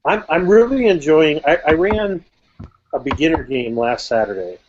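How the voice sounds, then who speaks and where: A man's voice: fairly high pitch, expressive, normal speed. A man who runs tabletop games, chatting casually and hesitantly and often repeating words. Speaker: game master and host. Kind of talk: casual chat. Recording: dull lo-fi call.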